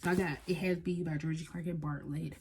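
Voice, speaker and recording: A woman chatting casually and excitedly about books she bought, sometimes reading blurbs aloud. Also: low voice, brisk, a little hiss or hum. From United States. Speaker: book vlogger. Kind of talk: casual book haul chat.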